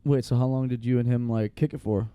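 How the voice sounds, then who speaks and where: A man hosting a podcast, reacting fast with swearing and quick follow-up questions. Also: mid-range voice, steady tone, warm tone, clear, resonant tone, no echo. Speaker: podcast host. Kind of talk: casual interview chat.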